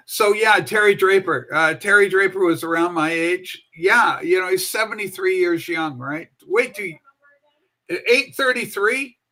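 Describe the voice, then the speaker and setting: A woman's voice: fairly low pitch, sharp tone. A woman in her seventies hosting a livestream show, chatting in a rambling, folksy way and swearing casually.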